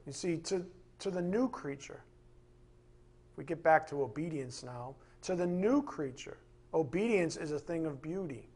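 A man's voice: on the high side, expressive, normal speed, a little mellow, breathy edge. A man pastor preaching a sermon with emphatic, impassioned delivery, acting out quoted voices along the way.

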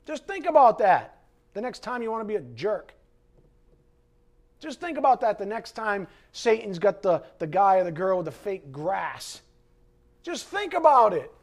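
High-voiced preacher guy, fired up, gets sarcastic with the congregation. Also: big pitch swings, moderate pace, long pauses. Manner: impassioned, swings from quiet to loud. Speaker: pastor. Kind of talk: sermon.

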